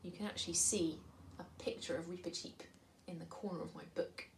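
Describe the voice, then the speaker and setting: A woman leading a school assembly for children, reading from a storybook and talking in a gentle, measured way that often drops to a soft whisper. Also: fairly low pitch, steady tone, vocal fry, a little hiss or hum, rough recording.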